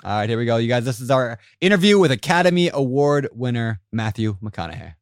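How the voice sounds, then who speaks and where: A man's voice: medium pitch, sing-song, fairly quick, dry recording, studio quality. A man hosting a podcast interview, talking with enthusiasm and many fillers. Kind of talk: casual interview.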